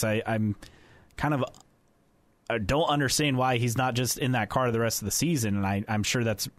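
A man co-hosting a podcast in casual chat, relaxed and chatty. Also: medium pitch, dry recording. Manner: relaxed, chatty, laughs often. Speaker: podcast co-host.

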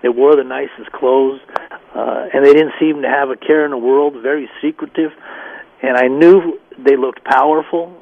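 A man's voice: medium pitch, steady tone, normal speed, creaky, dry recording. A man from the Denver area, a guest telling his life story and acting out the people he quotes. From Denver area, Colorado. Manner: storytelling, acts out quoted voices. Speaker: guest, former gang member. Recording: tinny phone line.

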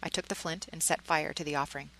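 Low bright-toned woman narrating a story. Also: steady tone, fast talker, gravelly, poor audio. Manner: earnest and emotional, with small slips. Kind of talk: first-person story narration.

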